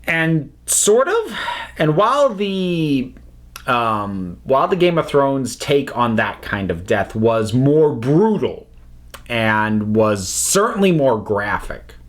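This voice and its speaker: A man hosting his own film video, talking in casual commentary that is expressive and halting, with many restarts. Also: medium pitch. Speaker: YouTube host reviewing films.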